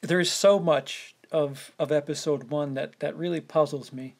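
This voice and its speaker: Guy on a movie podcast, kinda gravelly, keeps tripping over his words. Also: fairly high pitch, steady tone. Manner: halting, repeats words while searching for phrasing. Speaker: podcast co-host. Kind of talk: casual film discussion.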